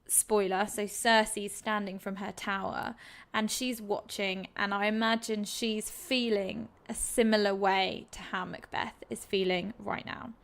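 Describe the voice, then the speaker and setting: A woman's voice: medium pitch, a bit bright. Chatty woman teaching English literature. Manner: chatty, enthusiastic, with frequent ums. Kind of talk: exam revision lesson.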